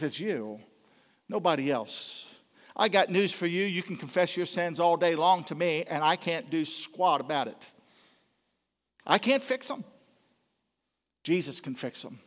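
A man preaches with passion, his high voice rising to loud pleading and dropping to hushed, low tones. The sermon rings out with long reverb, as if in a large church hall. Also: big pitch swings, unhurried.

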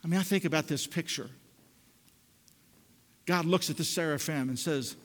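Male pastor preaching, high voice, dynamic swings from hush to loud, church reverb. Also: moderate pace, pauses often. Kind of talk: sermon. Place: church sanctuary.

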